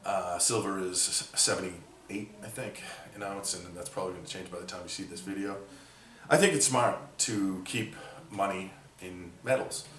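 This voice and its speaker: A man's voice: low voice, normal speed, a bit bright, distant mic. A man talking casually while taking apart electronics for scrap, rambling with lots of fillers and opinions. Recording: echoey room, voice from off the mic, faint noise.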